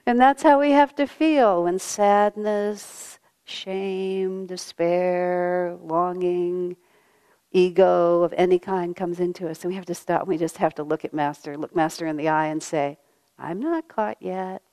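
A woman giving a devotional talk as a spiritual teacher, gentle and reflective, often letting her voice fall soft and quiet, with touches of light self-mocking humor. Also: lowish voice, fairly even intonation, unhurried, smooth.

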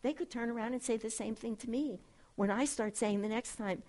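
A middle-aged woman, a spiritual director, giving an earnest, gentle talk to a class and reading quotations aloud. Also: a little high, a little fast.

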